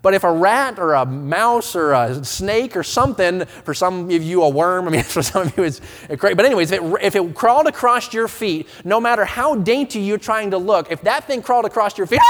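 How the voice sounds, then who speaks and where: A man in his thirties preaching a sermon to his congregation, swinging from quiet earnest talk to loud impassioned appeals, often stumbling and restarting his words. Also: high-pitched, lively intonation, normal speed. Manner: stammering restarts. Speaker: pastor. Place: church sanctuary with a congregation. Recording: long reverb of a church hall.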